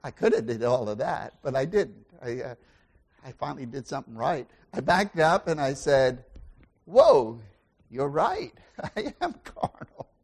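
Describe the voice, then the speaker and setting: In an animated, mid-range voice at normal speed, a man preaches as pastor and asks the congregation questions. His sermon moves between loud exclamations and quiet asides.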